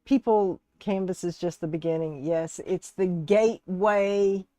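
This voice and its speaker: A woman's voice: fairly low pitch, measured pace, dark tone, dry recording. A woman from Texas and Alabama with a Southern US accent, hosting a casual live crafting stream, chatty and often laughing as she greets viewers by name. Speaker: live-stream host and resin artist.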